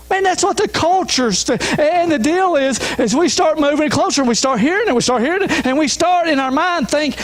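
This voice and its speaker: A man's voice: very high voice, expressive, brisk, hardly any pauses. A man, a pastor, preaching an emphatic sermon with repeated refrains. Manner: emphatic, repeats refrains, urges listeners to listen.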